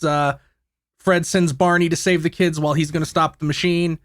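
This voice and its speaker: A man's voice: fairly high pitch, little pitch movement, normal speed. A man casually retelling a movie plot to friends, rambling, swearing and laughing. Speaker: podcast host, main recapper. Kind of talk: casual movie recap chat.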